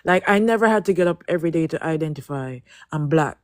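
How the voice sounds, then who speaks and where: A woman's voice: low-pitched, expressive, fast, dry recording. A woman speaking as a panelist, emotional and heartfelt, apologizing as she goes. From Jamaica. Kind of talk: live panel discussion.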